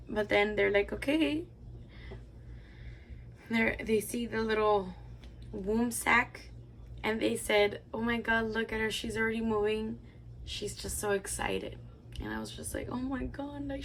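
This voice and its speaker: A young beauty vlogger with a slightly high, creaky, somewhat bright voice chats casually as she applies makeup. Her personal story rambles along, heavy with "like" fillers, and there's slight background noise.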